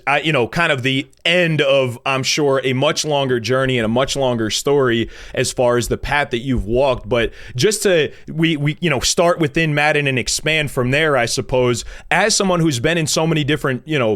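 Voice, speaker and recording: A man hosting a casual interview, asking enthusiastic, halting questions. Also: medium pitch, a bit bright. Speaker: podcast host.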